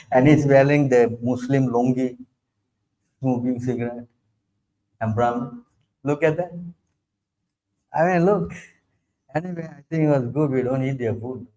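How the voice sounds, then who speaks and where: A man, a spiritual teacher giving an informal religious talk. He speaks emphatically, keeps asking whether listeners understand, and acts out other people in a lowered voice. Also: measured pace, long pauses, darkish tone, poor audio. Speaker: spiritual teacher answering questions.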